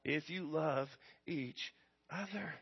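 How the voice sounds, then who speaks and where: Dynamic American pastor, lo-fi recording. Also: male voice, a little high, slow pace, husky. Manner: call-and-response with congregation, swings loud and soft. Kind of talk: sermon. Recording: dull lo-fi recording.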